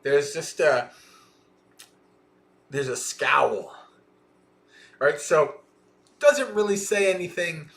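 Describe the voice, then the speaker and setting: A man reading a Buddhist sutta aloud on a livestream and pausing to explain it in a thoughtful, questioning way. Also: on the high side, lively intonation, vocal fry, a bit bright. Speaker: Dhamma teacher.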